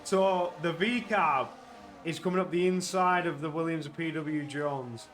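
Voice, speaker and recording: A man giving live commentary on an online sim race, getting loud and excited at crashes and overtakes. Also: on the high side, measured pace.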